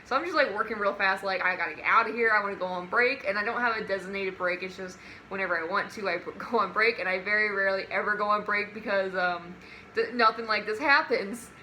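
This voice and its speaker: A young woman vlogger telling a work story in a casual, animated way, often breaking into giggles. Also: mid-range voice, fast talker, a little hiss or hum.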